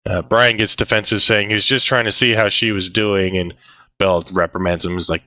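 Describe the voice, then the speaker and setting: A man's voice: fairly low pitch, steady tone, fairly quick, pushed and bright, dry recording, rough recording. A man co-hosting a casual film discussion, recapping scenes in a laid-back way with frequent fillers and quoted lines. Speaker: podcast co-host.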